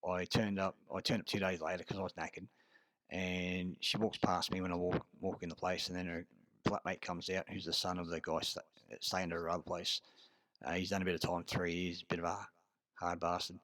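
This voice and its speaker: An Australian man telling a rambling story in a casual monologue, swearing often and pausing on fillers. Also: low voice, level tone, fairly bright tone, dry recording. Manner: rambling and profane, full of filler words. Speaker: vlogger.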